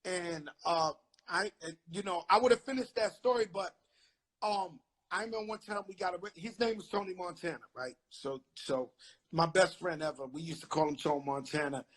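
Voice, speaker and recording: Husky New man telling stories. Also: sits high, moderate pace. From the Bronx, New York. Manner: animated storyteller, heavy street slang. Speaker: host. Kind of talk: casual interview chat.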